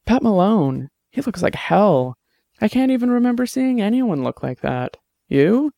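A man voicing an earnest, soft-spoken young woman in an audiobook, his voice lifted for her. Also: high-pitched, big pitch swings, a little slow, vocal fry, dry recording, studio quality, pitched above the performer's own voice, full character voice.

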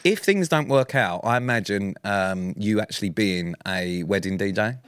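A man's voice: fairly low pitch, moderate pace, fairly bright tone, smooth, no room sound, clean studio sound. A man in his thirties co-hosting a podcast, blunt and teasing, swearing freely. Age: 30s. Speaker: podcast co-host. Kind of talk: casual banter.

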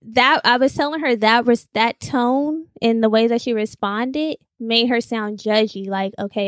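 A woman chatting on a podcast, telling an animated story full of quoted dialogue and casual swearing. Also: fairly high pitch, normal speed, few pauses, no echo, clean studio sound. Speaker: podcast guest. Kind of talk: casual chat.

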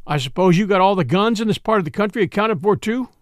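A man's voice: high voice, animated, fast, dry recording. A man voicing a cool, pointed young prisoner. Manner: pointed, dry.

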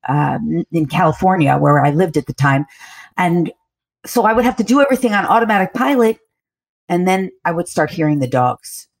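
Earnest woman guest with a lowish voice. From United States. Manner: earnest, talks at length with fillers. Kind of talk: interview storytelling.

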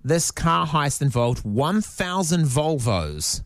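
A playful New man hosts a comedy chat, his fairly high voice swinging up and down as he jokes. He tells the story with a lively sense of fun. The sound is close and dry. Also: takes it slowly, no room sound. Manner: playful, jokey, slips into silly voices. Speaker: podcast co-host presenting the fact of the day.

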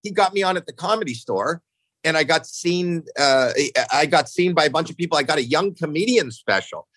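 A man in his sixties telling stories casually on a podcast, animated, jumping into acted-out quotes, swearing freely, often restarting his sentences. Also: a little fast, no echo, poor audio. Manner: animated, acts out quotes with jumps in pitch. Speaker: podcast guest. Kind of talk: casual storytelling chat.

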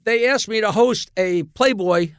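A man telling comic show-business stories in casual chat, animated and laughing through his punchlines. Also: high-pitched, unhurried, smooth, dry recording, studio quality. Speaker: guest comedian. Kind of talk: casual storytelling.

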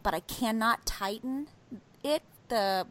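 A woman in her thirties telling a story as a podcast co-host, animated and swearing, acting out what she said. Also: a little high, slow. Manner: animated, swearing, acts out quotes. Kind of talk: casual storytelling chat.

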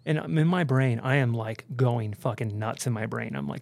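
A man, a podcast guest, telling a story in a casual, animated way, full of swearing and "like" and "dude". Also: medium pitch, normal speed, creaky, few pauses, dry recording. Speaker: podcast guest, pro snowboarder.

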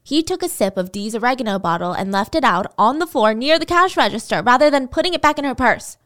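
A woman's voice: on the high side, animated, quick pace, fairly bright tone. A woman hosting a podcast, telling a true-crime story in a casual, chatty way with dramatic asides.

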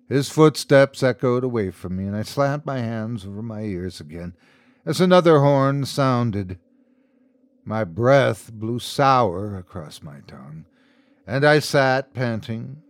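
Slow, dry-voiced male horror narrator. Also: medium pitch, no echo. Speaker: host and narrator. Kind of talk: scripted horror story narration.

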